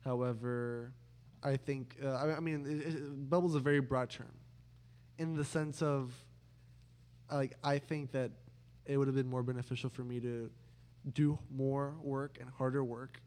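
Two brothers trade jokes on a home podcast. This young man speaks in a middle-pitched voice, circling his points with lots of false starts and restarts. He teases his sibling with dry sarcasm. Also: steady tone, a little slow, a little mellow. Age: young adult. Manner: rambling, many restarts, dry sarcastic teasing. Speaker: podcast host. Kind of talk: casual sibling chat.

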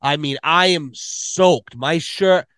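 A man's voice: on the high side, slow pace, fairly bright tone, smooth, no echo, clean studio sound. A man hosting a podcast, telling rambling, profane stories in casual chat. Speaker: podcast host.

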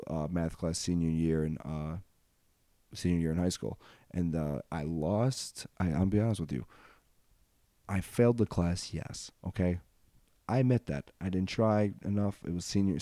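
Casual twenties male podcast host, low pitch and dry sound, rambling delivery full of fillers. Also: warm tone, dry recording. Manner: casual, rambling, many ums and uhs. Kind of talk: rambling solo podcast chat.

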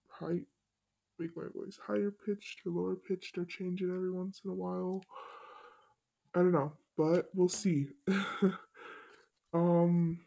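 A shy woman hosting a casual solo podcast, talking hesitantly with many pauses and fillers, her voice run through a voice changer on a glitchy recorder. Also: fairly low pitch, creaky, warm tone. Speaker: podcast host.

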